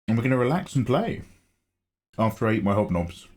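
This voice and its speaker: A man's voice: fairly low pitch, big pitch swings, a little fast. A man hosting a casual livestream, greeting viewers by name in a chatty way and laughing often. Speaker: art livestream host.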